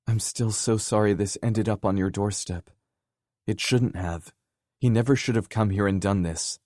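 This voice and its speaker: A male narrator voicing a shaken young woman who speaks softly and hesitantly. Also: lowish voice, fairly even intonation, normal speed, no room sound, studio quality, voice pushed up, close to an everyday voice. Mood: pleading.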